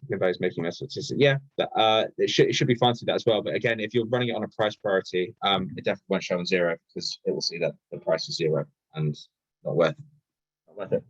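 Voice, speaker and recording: Halting man answering viewer questions. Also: low-pitched, fairly even intonation, husky, dry recording, dull audio. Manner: reads questions aloud haltingly, many ums and restarts. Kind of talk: casual live Q&A explainer.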